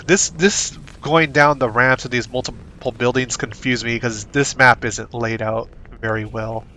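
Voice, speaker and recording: A chatty man talks his way through a video game, excitable and quick to react. His voice sits at an ordinary middle pitch. A faint hum runs underneath the recording. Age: adult, not young. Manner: chatty, excitable, reads game text aloud. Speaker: gaming streamer. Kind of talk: casual let's-play commentary.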